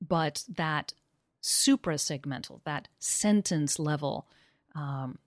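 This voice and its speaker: A woman's voice: lowish voice, dry recording. Woman explaining pronunciation, very dry sound. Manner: demonstrates intonation by repeating example phrases; explanatory, animated, laughs often. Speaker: pronunciation teaching expert. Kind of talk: conversational discussion about teaching.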